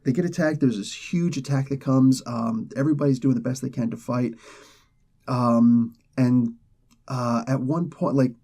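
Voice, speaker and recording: A man hosting a comic book review show, excitedly retelling a story's plot in a casual way, full of fillers and restarts. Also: mid-range voice.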